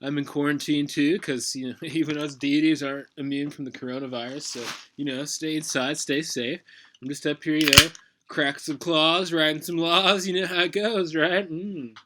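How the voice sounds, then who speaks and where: A man's voice: a little high, steady tone, moderate pace, noisy background, natural voice. A man playing a smug, laid-back male deity who works as a pickup artist, talking with lots of fillers and mumbles. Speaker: comedy performer. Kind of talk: comedic reading.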